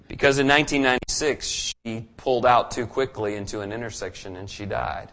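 A man's voice: medium pitch, a little fast, few pauses, fairly bright tone. A man preaching a sermon, telling a personal story earnestly and building to fervent emphasis.

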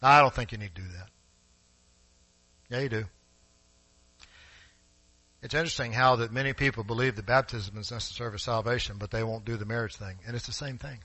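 A man preaching a sermon in a church, emphatic and rising to forceful peaks, speaking directly to his congregation. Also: medium pitch, brisk, pauses often, no echo, low-quality recording. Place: church sanctuary.

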